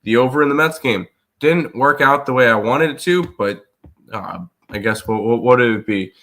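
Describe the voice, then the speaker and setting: A man hosting a live sports betting show, congested and rough-throated, recapping results in a rambling way full of fillers. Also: mid-range voice, lively intonation, moderate pace, fairly bright tone. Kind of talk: casual live-stream chat.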